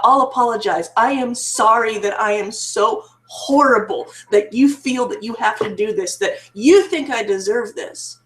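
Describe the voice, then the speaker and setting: A woman with a high voice tells her own story in personal testimony. She speaks with raw emotion, often repeating and restarting her phrases as she searches for the words. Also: echoey room. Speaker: guest sharing her story. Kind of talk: personal testimony on a live stream.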